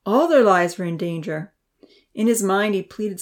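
A woman narrating a children's storybook, voicing the characters with a higher pitch and dropping to a whisper for quiet thoughts. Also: expressive, normal speed. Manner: reads characters' lines with raised pitch and soft whispers.

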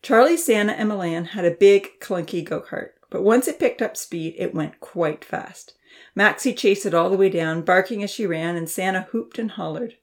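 A woman reads a children's storybook aloud, expressive and lively, with a middling voice for a woman. Her narration rises with the action and sinks for quieter moments. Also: medium pitch, normal speed.

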